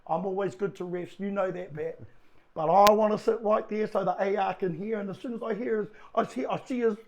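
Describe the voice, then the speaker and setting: A man's voice: high-pitched, a little fast. A New Zealand man, a podcast guest, telling stories in casual chat with frequent laughter. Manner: animated storyteller, laughs often.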